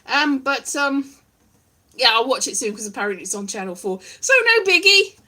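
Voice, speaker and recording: Bright, high-voiced woman rambling. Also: a little fast. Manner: wry, self-deprecating, meandering. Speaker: vlogger. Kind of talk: casual rambling monologue. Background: strummed guitar.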